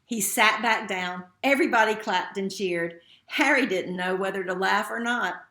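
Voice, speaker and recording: A woman's voice: mid-range voice, moderate pace, bright, forceful tone. Woman reading a novel aloud, echoey. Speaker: narrator. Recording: roomy echo.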